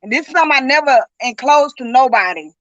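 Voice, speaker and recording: A middle-aged woman recounts the night her son died, earnest and vivid, acting out what each person said. Her voice sits high and bright. The sound is dry and dull, like lo-fi call audio. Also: lively intonation, fast, no echo. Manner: earnest, speaks in vivid retold dialogue. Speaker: guest, grieving mother. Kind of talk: emotional personal account.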